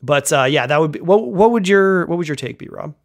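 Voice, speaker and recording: A man's voice: fairly high pitch, animated, a little fast. Young canadian guy cohosting a tech podcast, chatty, jokes at his own expense. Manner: chatty, joking, self-deprecating. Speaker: podcast co-host. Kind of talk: casual podcast chat.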